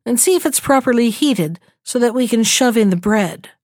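A woman's voice: fairly high pitch, expressive, normal speed, darkish tone, no room sound, studio quality, natural voice. A woman reading as a jeering wicked old witch. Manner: jeering, scolding.

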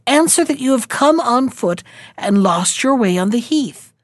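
A woman's voice: on the high side, expressive, measured pace, no echo, studio quality. A woman voicing a wise, commanding magic horse in a storybook, giving firm instructions.

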